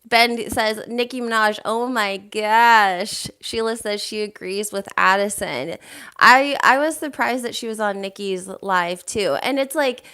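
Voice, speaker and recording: A woman hosting a casual reality TV gossip chat, reading out viewer comments in a chatty, animated way, full of fillers. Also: mid-range voice, a little slow, clean tone.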